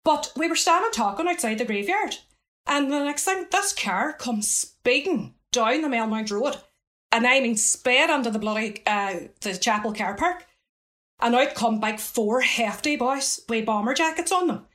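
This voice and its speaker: A middle-aged Northern Irish woman telling stories as an interview guest, chatty and lively, with frequent asides. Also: a little high, moderate pace. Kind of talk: casual storytelling.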